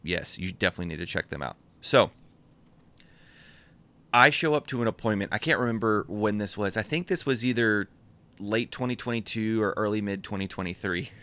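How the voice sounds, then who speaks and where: A man co-hosting a podcast, telling animated stories and often laughing as he goes. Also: on the low side, fairly quick. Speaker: podcast co-host and menswear store buyer. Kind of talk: casual podcast storytelling.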